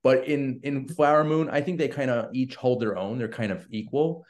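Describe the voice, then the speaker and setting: A man hosting a casual film podcast. He talks with enthusiasm, recommends movies and fills his pauses with "uh". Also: mid-range voice, darkish tone.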